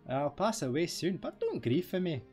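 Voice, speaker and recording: A man voicing an ancient, dying male guardian tree in a slow, grand storybook reading. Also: a little high, huge pitch swings, darkish tone, soft background music, voice pushed up. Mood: solemn.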